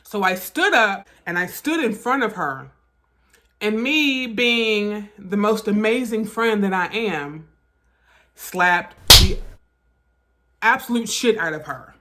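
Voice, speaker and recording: A woman telling a story straight to camera, her voice sitting at an ordinary middle pitch. She is animated and emphatic, and she swears freely as she talks. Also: slow, slight background noise. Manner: animated, profane, emphatic retelling. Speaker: vlogger. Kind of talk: casual storytime narration.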